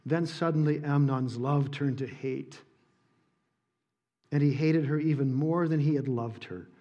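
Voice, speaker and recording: Earnest pastor preaching. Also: male voice, a little high, steady tone, measured pace, dull audio. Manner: earnest, emphatic preaching that drops soft on key points. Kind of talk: sermon.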